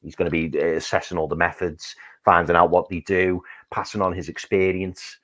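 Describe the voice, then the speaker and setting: A man with a deep, low voice co-hosts a football podcast. He stammers and repeats words but sounds optimistic. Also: level tone, a little fast, a bit bright. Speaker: podcast co-host. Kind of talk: casual football chat.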